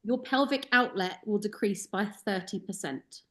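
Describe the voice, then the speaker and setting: A woman speaks in a relaxed group conversation. She tells her story animatedly and voices the other people in it. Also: medium pitch, normal speed. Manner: animated storyteller, acts out quotes. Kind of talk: casual group discussion, storytelling.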